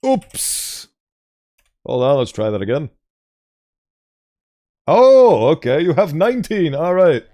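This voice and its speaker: A man's voice: a little high, very animated, slow, pauses often, warm tone. A man streaming live, chatting playfully with viewers and laughing as he reads stories. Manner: playful, laughs often, greets chat. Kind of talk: casual live-stream chat.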